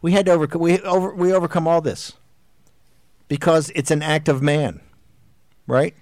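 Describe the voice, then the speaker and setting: A man's voice: on the high side, steady tone, moderate pace, a little mellow, no echo. A middle-aged man hosting a political talk show, delivering a combative, exhorting monologue that rambles with restarts. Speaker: host.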